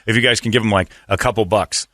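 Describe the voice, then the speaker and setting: A man's voice: lowish voice, fairly even intonation, fast, a bit bright, dry recording, studio quality. A man hosting a radio morning show in casual, joking banter, rambling and chuckling between phrases. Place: radio studio.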